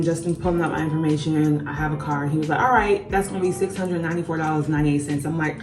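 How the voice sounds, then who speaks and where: A young woman vlogging a story while doing her makeup, animated and swearing freely, calling her viewers y'all. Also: low voice, fast talker, hardly any pauses, distant mic. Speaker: beauty vlogger. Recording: roomy echo, voice a bit off-mic, faint music behind.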